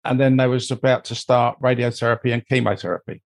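A man's voice: mid-range voice, flat delivery, fast talker. An older man, telling a long, rambling personal story as an interview guest and filling it with "you know" asides. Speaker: interview guest, mold investigator. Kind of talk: conversational storytelling.

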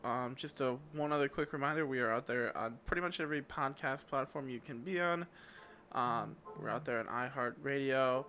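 A man's voice: mid-range voice, bright, forceful tone, a little hiss or hum. A man co-hosting a casual podcast, rambling through promos with lots of fillers. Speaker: podcast co-host.

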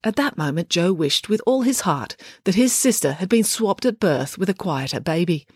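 A woman reading a children's adventure story aloud, lively and expressive. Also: fairly low pitch, normal speed, husky, dry recording, clean studio sound. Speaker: audiobook reader. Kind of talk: scripted storybook narration.

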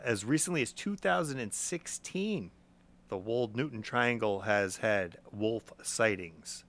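A young man chats on a podcast, his voice gravelly and full of fry. His pitch swings widely as he jokes and laughs. He often trips over his words and repeats them. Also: lively intonation, a little slow, fairly bright tone. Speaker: podcast co-host. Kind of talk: casual chat.

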